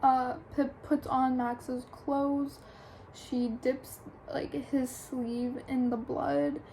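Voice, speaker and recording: Young woman with a high voice, slow chatty book recap, lots of likes and ums, faint room hum. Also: level tone, creaky, warm tone, low-quality recording. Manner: chatty, full of "like" and "um" fillers. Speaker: book reviewer. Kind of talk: casual plot recap.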